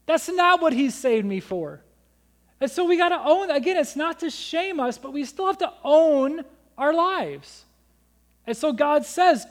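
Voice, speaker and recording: A pastor delivers his sermon in a strikingly high voice for a man. He speaks earnestly and urges his listeners on, reading scripture aloud and now and then acting out the excuses people make. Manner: earnest, exhorting, quotes scripture and acts out excuses.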